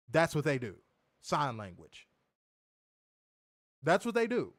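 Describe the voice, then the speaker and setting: A man hosts a casual wrestling review show, his fairly high voice swinging widely as he mocks and tells stories. The recording is dry and close, with no room sound. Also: slow, long pauses, no echo. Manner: animated, mocking, lively storytelling with impressions. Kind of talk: casual profane podcast banter.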